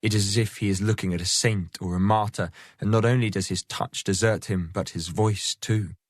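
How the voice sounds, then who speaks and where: A man narrating a novel in a measured, even storytelling voice. His pitch sits low, and the recording is dry and close, with no room sound. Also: no room sound. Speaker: audiobook narrator. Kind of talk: scripted narration.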